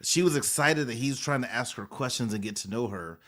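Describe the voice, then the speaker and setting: Bright, emphatic male podcast co-host. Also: mid-range voice, fairly quick. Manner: emphatic, opinionated, acts out quoted voices with laughter. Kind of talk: casual podcast chat.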